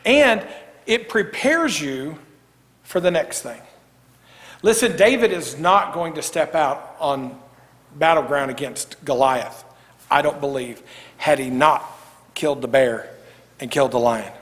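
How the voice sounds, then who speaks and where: Animated preacher in an echoing church. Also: male voice, fairly high pitch. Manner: lively, jokey, swings from loud to hushed. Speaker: pastor. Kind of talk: sermon. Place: church sanctuary. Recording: echoey church hall.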